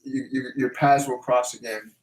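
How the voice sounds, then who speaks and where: A man's voice: mid-range voice, flat delivery. Man medium relaying messages, echoey room. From Canada. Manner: repeats phrases, slow and emphatic when relaying messages. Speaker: medium hosting a live Q&A. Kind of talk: live stream Q&A, relaying messages.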